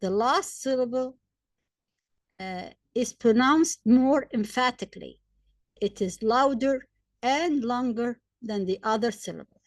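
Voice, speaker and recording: A woman, likely a native Arabic speaker, teaching English grammar step by step, spelling out letters, repeating examples and pausing with fillers. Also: a little high, no echo, studio quality. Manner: hesitant fillers between points. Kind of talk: slow, deliberate grammar lesson.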